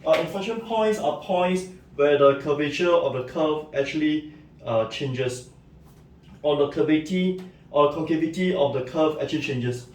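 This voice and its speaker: A man's voice: on the high side, normal speed, slight background noise. A man giving a recorded math lecture, explaining step by step and checking in with "right?" and "okay". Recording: echoey room, mic at a distance.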